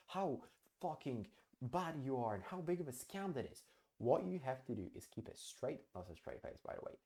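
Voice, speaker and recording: A man's voice: mid-range voice, warm tone. Blunt, swearing man giving business advice. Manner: blunt and emphatic, swears freely, repeats himself for stress; acts out client dialogue as he explains. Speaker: host. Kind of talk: direct-to-camera business advice.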